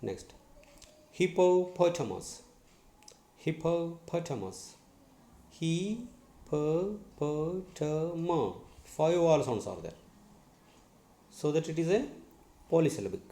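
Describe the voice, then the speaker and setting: A male English teacher giving a lesson, spelling words letter by letter and repeating each one slowly. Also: on the high side, sing-song, vocal fry, dark tone. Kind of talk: classroom lesson on syllables. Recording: echoey room.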